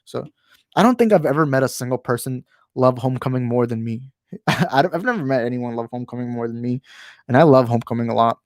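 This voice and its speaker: A man's voice: mid-range voice, fast, darkish tone, no echo. A man hosting a casual live-stream chat at home into a handheld microphone. He rambles, stumbles over words, restarts often and keeps apologizing for his opinions. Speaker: channel host. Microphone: handheld microphone moved closer while talking.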